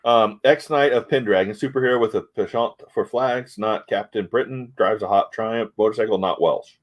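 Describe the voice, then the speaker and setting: A man's voice: lowish voice, moderate pace, lo-fi sound. A middle-aged man from the United States chatting casually about comics, rambling and hesitant but frank. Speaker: comic review host. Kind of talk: casual chat.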